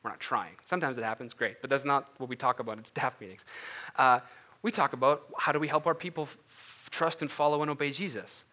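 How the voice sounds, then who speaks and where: A man preaching a conversational sermon, animated and informal, with frequent restarts and asides. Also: mid-range voice, fast. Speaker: pastor.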